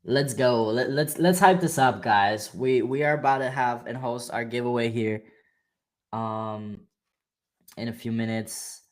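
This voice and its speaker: A man's voice: mid-range voice, unhurried. A man with a German accent hosting a trading livestream, chatting casually and hyping viewers, calling them bro. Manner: hyped and slangy, calls viewers bro.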